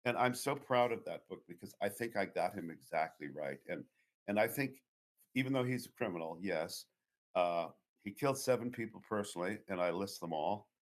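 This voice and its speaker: A man's voice: low voice, animated, moderate pace. A man from the Boston area, a guest author telling long, digressive stories in an interview. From Boston area, USA. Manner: anecdotal, digressive. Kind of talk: storytelling interview talk.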